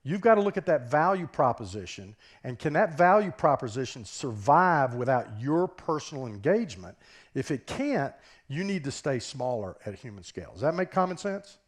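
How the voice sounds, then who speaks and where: A business professor with a Southern US accent gives a conference keynote on a stage microphone. His medium-pitched, sing-song voice moves at a normal speed as he talks conversationally, often checking in with the audience through rhetorical questions.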